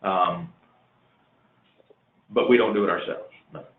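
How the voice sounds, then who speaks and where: A very deep-voiced man answers a consultant's questions, hedging a little as he talks. His voice arrives over a thin, phone-like line. It sounds roomy and echoey, with a faint hiss underneath. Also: steady tone, slow pace, distant mic. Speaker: real estate business client. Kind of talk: business consultation call.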